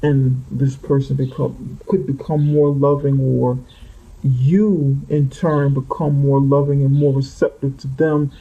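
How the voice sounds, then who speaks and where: A man reads tarot cards off the cuff, rambling and circling back to fix his own words. His voice is dark and gravelly with a husky edge. The recording sounds dull and muffled. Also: mid-range voice, flat delivery, a little slow. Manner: rambling, repeats and corrects himself. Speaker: tarot reader. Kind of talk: unscripted tarot reading. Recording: muffled lo-fi audio.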